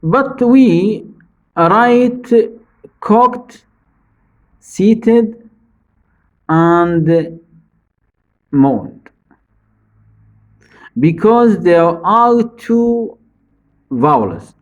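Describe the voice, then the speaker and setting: A man teaching English spelling rules, speaking slowly and deliberately, repeating each rule for his students. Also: expressive, lo-fi sound. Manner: stresses key words, drops low at phrase ends. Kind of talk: slow spelling-rule lesson.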